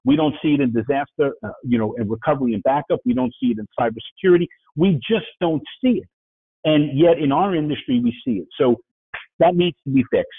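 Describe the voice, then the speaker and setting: A man from New York with a New York accent, giving a fast-paced webinar presentation and checking in with "right?" and "okay?" as he goes. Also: mid-range voice. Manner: fast-talking, frequent "right?" and "okay?" asides. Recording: phone-like, dry, husky sound.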